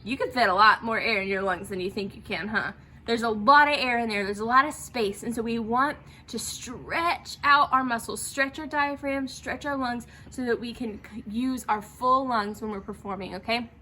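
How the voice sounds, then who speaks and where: A woman's voice: fairly high pitch, moderate pace, bright, forceful tone, a little hiss or hum. A woman teaching theatre students, guiding them through breathing exercises and checking in with them often. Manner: encouraging, checks in with "okay?" often. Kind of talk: guided breathing exercise instruction.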